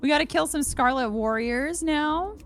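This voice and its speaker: A woman's voice: sits high, normal speed. Chatty woman streamer over background hiss. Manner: chatty, greets chat and joins in on jokes. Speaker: streamer co-host. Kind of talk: casual live-stream chat while gaming.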